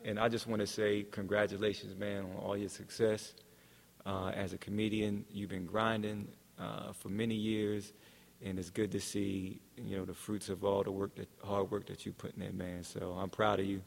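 Gravelly, low-voiced man on a podcast. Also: flat delivery, normal speed, big-room sound. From New Jersey. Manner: agreeable, backs up the host with frequent yeahs. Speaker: podcast guest. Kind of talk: casual reminiscing chat.

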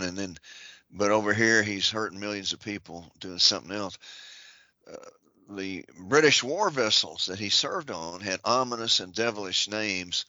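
A man with a fairly low, forceful voice works through a long list of titles and offices, adding dry jokes along the way. The sound is dry and close, with a dull, lo-fi quality. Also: no room sound. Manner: dry joking asides between list items. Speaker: podcast guest. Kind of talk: reading out a list of historical figures with asides.

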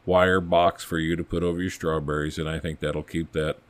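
A man's voice: extremely low pitch, little pitch movement, brisk, no echo. A man telling a rambling, folksy story from his police days on a podcast, acting out the quotes as he goes. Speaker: podcast guest, former police officer. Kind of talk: casual storytelling.

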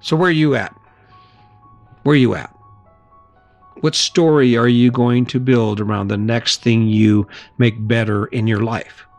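A man's voice: medium pitch, steady tone, a little slow, long pauses. Podcast host, man, middle-aged, mid-range voice, chatty motivational monologue, faint music behind. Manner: casual, chatty, laughs and acts out little scenes.

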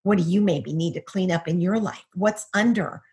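A woman's voice: on the low side, moderate pace, a little mellow. A middle-aged woman, a guest, giving a personal testimony over a video call, earnest and full of rhetorical questions.

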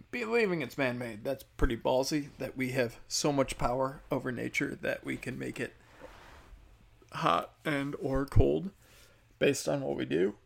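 Gravelly, profane man ranting. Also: medium pitch. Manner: blunt, profane, sarcastic. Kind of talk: casual political rant.

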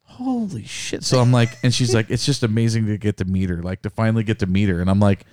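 Low-voiced animated man telling a story. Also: fast talker, no room sound, clean studio sound. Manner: animated, swearing, acts out quotes. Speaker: podcast co-host. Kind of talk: casual storytelling chat.

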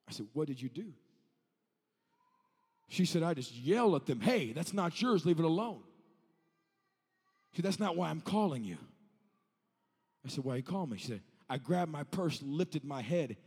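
A male evangelist in his thirties, preaching a revival sermon that moves from telling a story to shouting. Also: mid-range voice, animated, moderate pace, long pauses, husky, long reverb tail.

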